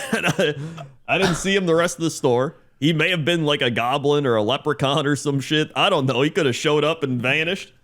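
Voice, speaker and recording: A man's voice: a little high, a little fast, fairly bright tone. Rambling, chuckling male podcast storyteller. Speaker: podcast co-host. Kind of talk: casual chat.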